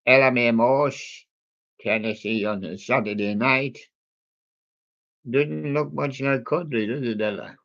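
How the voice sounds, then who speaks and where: A man drifts through a playlist at an unhurried pace, trailing off into ums and small jokes. His voice sits in a middle register. The sound is muffled and lo-fi, like a home stream. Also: mid-range voice, gravelly, a bit bright. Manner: slow, rambling and jokey, with many ums and asides. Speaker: livestream host reading out a music playlist. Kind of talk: casual running commentary between old songs.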